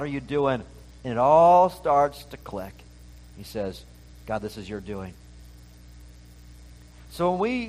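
A man preaching a sermon, reading scripture and retelling it in a conversational way, swinging from loud emphasis to hushed asides. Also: mid-range voice, poor audio. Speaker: pastor.

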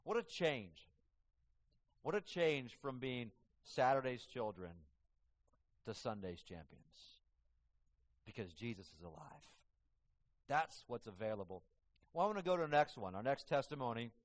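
A man preaching a sermon as pastor, swinging from hushed, low passages to emphatic, raised ones. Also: very animated, unhurried, long pauses, big-room sound. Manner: dramatic, swings from hushed to emphatic, acts out quoted voices.

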